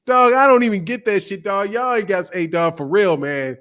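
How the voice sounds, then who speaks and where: A man with a fairly high voice hosts a casual boxing live stream. He laughs often and reads chat messages out loud in loose, profane banter. He sounds like a young adult talking off the cuff. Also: normal speed, smooth. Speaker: boxing channel host.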